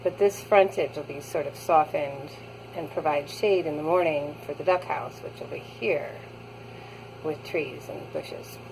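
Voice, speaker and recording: A woman's voice: low-pitched, measured pace, gravelly, noisy background. A woman chatting casually as she vlogs her garden work, thinking aloud with fillers, recorded outdoors. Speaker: vlogger. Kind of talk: casual garden vlog narration.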